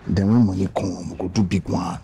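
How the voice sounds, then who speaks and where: A man's voice: low voice, fairly even intonation, brisk, vocal fry, warm tone, a little hiss or hum. A young man with a Nigerian accent, pleading and coaxing in film dialogue. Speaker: poor young lover.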